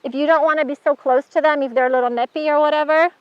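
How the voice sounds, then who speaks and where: A woman's voice: high-pitched, steady tone, fast talker, no room sound. A woman instructor giving a chatty hands-on horse handling demonstration, praising the horse as she works. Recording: dull dry sound.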